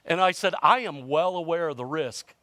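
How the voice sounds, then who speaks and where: A man's voice: fairly high pitch, moderate pace, bright, forceful tone, no room sound. A man in his fifties preaching a sermon in a conversational storytelling way, with self-mocking humor and frequent restarts. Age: 50s. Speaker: pastor.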